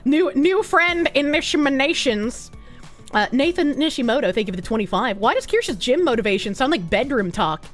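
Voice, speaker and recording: A woman's voice: high-pitched, lively intonation, moderate pace, faint music behind. A woman streamer chatting casually with her viewers, swearing often and rambling off on tangents. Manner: swears a lot, rambling and self-interrupting. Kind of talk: casual live-stream chat.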